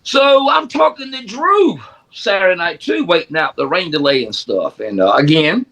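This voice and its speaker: Animated high-voiced man telling stories. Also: moderate pace, vocal fry. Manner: animated storyteller, acts out quoted dialogue with shouts. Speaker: podcast co-host. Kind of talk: casual chat.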